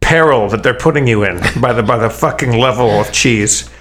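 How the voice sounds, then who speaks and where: A man's voice: medium pitch, a little fast, fairly bright tone. A man in casual chat, rambling with many restarts and swearing freely as he tells food stories.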